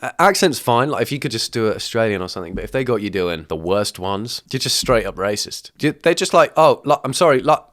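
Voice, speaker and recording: A young man hosting a reaction video, rambling in crude, self-mocking jokes with sudden loud outbursts. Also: lowish voice, sing-song, fast, few pauses. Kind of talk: casual comedic reaction commentary.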